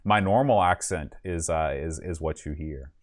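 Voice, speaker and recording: A man's voice: very deep voice, moderate pace. A man hosting a live podcast stream in casual chat, rambling and self-deprecating with many fillers. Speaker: podcast host.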